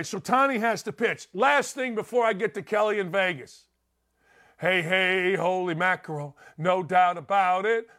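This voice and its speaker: Middle-aged male sports talk host, high-pitched, loud, ranting, opinionated.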